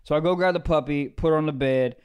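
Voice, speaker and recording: A man's voice: a little high, quick pace, smooth. A young man co-hosting a podcast, telling crude stories in casual comedic chat. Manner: crude, animated storytelling with laughter. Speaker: podcast co-host.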